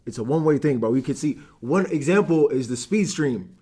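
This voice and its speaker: A man's voice: a little high, expressive, fairly quick, mellow, husky. A young man from Algeria ranting on a live stream, heated and swearing, calling everyone "bro". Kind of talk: casual stream rant.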